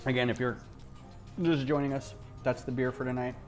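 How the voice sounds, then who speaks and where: A man's voice: mid-range voice, flat delivery, a little fast. A man with a mid-range voice chats casually on a home livestream while he builds. He wanders off on tangents and fills gaps with ums and restarts, with faint music playing behind him. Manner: rambling, drifts onto tangents and loses his thread. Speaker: livestream host.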